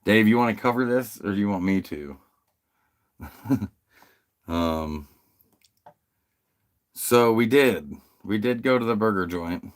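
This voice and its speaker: A man from the United States with a very deep voice chats casually on his livestream. He keeps it loose and profane, often giggling as he answers viewers. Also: expressive, slow pace, pauses often. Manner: laid-back, profane, giggly, reads chat aloud. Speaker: livestream host.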